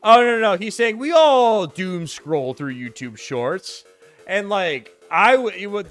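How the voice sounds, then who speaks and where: A young man livestreaming a game, chatting casually and ranting with heavy swearing and frequent laughter. His voice sits a little high for a man, and soft game music plays under his talk. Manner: profane, ranting, laughs often. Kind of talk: casual chat while streaming a game.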